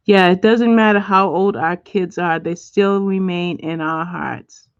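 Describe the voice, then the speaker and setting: A middle-aged woman hosts a relaxed livestream from home, chatting freely and answering her viewers' comments one by one. Her voice comes through a muffled, lo-fi mic in a dead, dry room with no echo. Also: fairly low pitch, measured pace, smooth. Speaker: livestream host. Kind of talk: casual chat with viewers. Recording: dull lo-fi dry sound.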